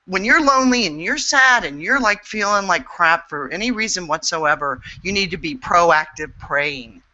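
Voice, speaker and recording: Frank, outspoken woman with a bright voice. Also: on the low side, animated, normal speed, highs cut off. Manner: frank and outspoken, swears freely; earnest and emphatic. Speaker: guest, intuitive healer. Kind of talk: candid interview talk.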